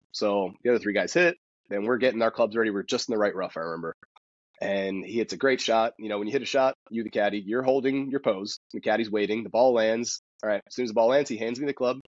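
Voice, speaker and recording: Male golf pro, podcast guest: rapid, husky, lowish voice, dry dull lo-fi sound. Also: no echo. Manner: rapid, animated storytelling with many restarts. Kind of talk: casual podcast interview.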